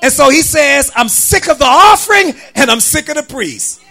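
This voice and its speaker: A man preaching with a very high, gravelly voice that swings into a sung, shouted cadence. He calls out to the congregation with a bright, cutting tone. Faint music plays under the sermon. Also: lively intonation, normal speed. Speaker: pastor.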